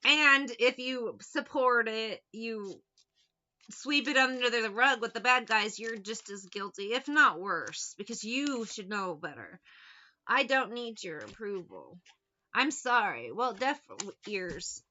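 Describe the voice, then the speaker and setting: A woman with a very bright, high-leaning voice talks bluntly and swears freely, telling anecdotes as a tarot reader. The recording is dull and lo-fi. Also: lively intonation, slow. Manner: blunt and profane, tells anecdotes. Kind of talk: casual straight-to-camera monologue.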